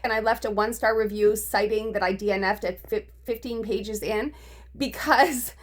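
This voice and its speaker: A woman's voice: mid-range voice, steady tone, moderate pace. A woman book vlogger venting her frustration in a casual, profane rant, laughing between complaints. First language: English.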